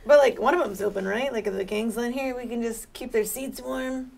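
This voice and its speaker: A woman's voice: a little high, a little fast, gravelly, darkish tone. A woman playing a tabletop game, rambling and trailing off as she talks in character. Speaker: player. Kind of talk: tabletop role-play banter.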